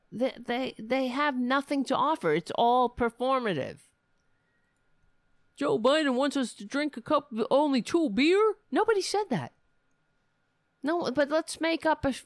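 A woman's voice: a little high, dry recording, clean studio sound. A woman hosting a podcast, delivering angry political commentary in a sarcastic, profane rant. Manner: sarcastic, profane ranting with mocking voices. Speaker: podcast host.

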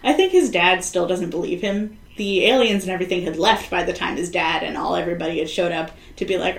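A woman's voice: lowish voice, animated, a little fast, gravelly, hardly any pauses, echoey room. A woman co-hosting a podcast in casual chat, rambling and sardonic, often acting out the people she quotes. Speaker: podcast co-host.

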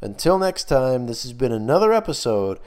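A man's voice: medium pitch, big pitch swings, normal speed, a little mellow. Breathless man hosting a betting podcast. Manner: casual, filler-heavy picks talk. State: out of breath, losing voice. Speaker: podcast host. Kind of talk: solo sports betting podcast.

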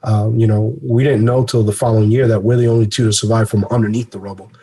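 A former police officer recounting a rescue in halting, earnest personal testimony, pausing often mid-sentence. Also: male voice, fairly low pitch, flat delivery, dark tone, slightly rough.

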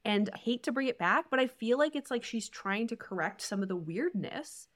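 Animated woman discussing a novel. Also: a little high, moderate pace. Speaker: podcast co-host. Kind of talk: casual book discussion.

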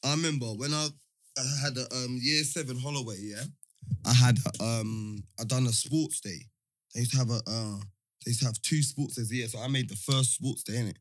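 A young man, animated and full of slang, telling a story in casual chat. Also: medium pitch, a little fast, no room sound, clean studio sound.

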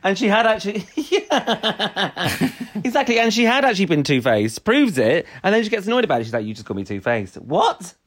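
A man's voice: high voice, expressive, fairly quick, fairly bright tone. A man co-hosting a casual podcast chat, chatty and giggly, often restarting his sentences. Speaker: podcast co-host. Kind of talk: casual chat reviewing a TV show.

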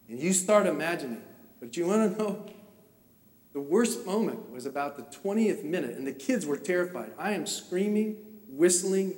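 A man preaching a sermon through a personal story, talking with emotion that swells into impassioned shouting. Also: a little high. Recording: echoey hall, voice from far off.

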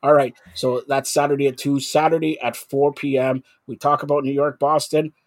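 A man hosting casual sports talk, sarcastic and animated, getting loud and sing-song when he rants. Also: mid-range voice, moderate pace, dry recording.

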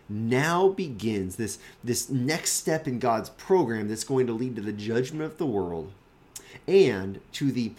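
A man, a pastor, giving a daily devotional Bible teaching in an earnest, emphatic, conversational way. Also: mid-range voice.

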